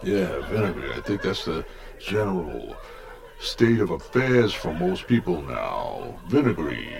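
A man's voice: low-pitched, very animated, measured pace, background noise, exaggerated voice. A man playing a brash Brooklyn lounge comic, insulting the crowd in a club routine. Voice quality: gravelly, insult-joking. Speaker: stand-up comic.

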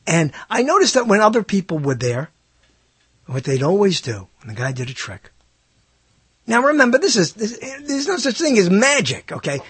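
An older man rambles through a musing monologue to his listeners, animated and swooping sharply upward in pitch on questions. His voice has a breathy edge, with no room sound.

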